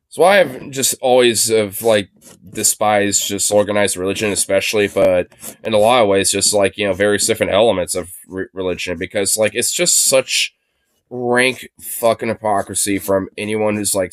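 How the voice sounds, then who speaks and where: A man's voice: on the low side, no room sound, clean studio sound. A young man ranting casually, rambling with lots of fillers and swearing. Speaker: podcast host. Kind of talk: casual profane rant.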